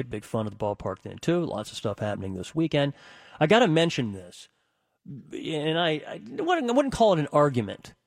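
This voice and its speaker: A middle-aged man hosting a radio talk show, rambling and animated with many restarts and fillers. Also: medium pitch, dry recording, clean studio sound. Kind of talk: casual radio talk monologue.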